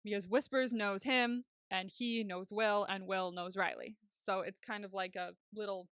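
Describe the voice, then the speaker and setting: A woman's voice: mid-range voice, fairly even intonation, normal speed, fairly bright tone, smooth, no echo. Chatty woman podcast host, dry sound. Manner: chatty, laughs often, casual swearing. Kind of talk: casual TV recap chat.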